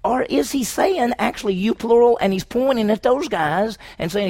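High-voiced gravelly preacher man. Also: expressive, moderate pace, few pauses, a little mellow. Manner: asks the audience questions, acts out quotes. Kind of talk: sermon on a Bible passage.

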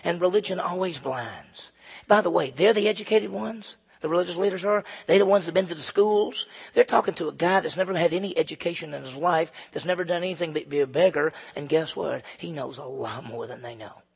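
Male pastor preaching, gravelly husky voice, goes hushed then loud, long echo in the hall. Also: fairly high pitch, fairly quick. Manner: fervent, swings between hushed and loud emphasis. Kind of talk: sermon.

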